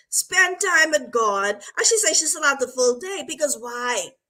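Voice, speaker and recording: Bright high-voiced woman host, animated talk. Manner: animated, repeats "right?" and "y'all" often. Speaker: host and marriage coach. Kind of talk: casual motivational talk.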